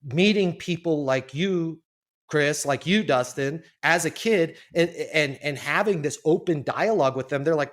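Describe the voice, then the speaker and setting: A man of fifty, a guest on a podcast, telling his life story in a casual, animated way and acting out the voices of the people in it. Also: on the high side, normal speed. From Colorado, US. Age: 50s. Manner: animated storyteller, acts out quoted voices, repeats words.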